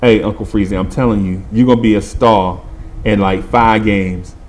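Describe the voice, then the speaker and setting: A man voicing his older uncle as a low, hushed, earnest adviser. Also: steady tone, moderate pace, natural voice. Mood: coaxing.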